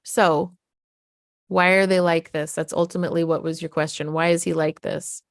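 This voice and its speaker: A woman's voice: fairly low pitch, little pitch movement, normal speed, creaky, dry recording, clean studio sound. A middle-aged woman talking candidly to parents as a parenting coach, casual and frank, swearing freely.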